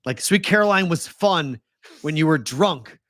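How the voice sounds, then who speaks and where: A man's voice: a little high, lively intonation, unhurried, a bit bright, no echo, studio quality. A man with a Boston accent, hosting a casual sports betting talk show and ranting animatedly, swearing freely. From Boston area.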